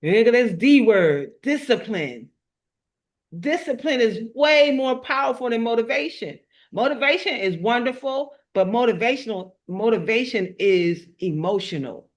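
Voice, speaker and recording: A woman's voice: on the high side, lively intonation, a little slow. Emphatic middle-aged woman motivational speaker. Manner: emphatic, preacher-like repetition with storytelling. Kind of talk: motivational talk.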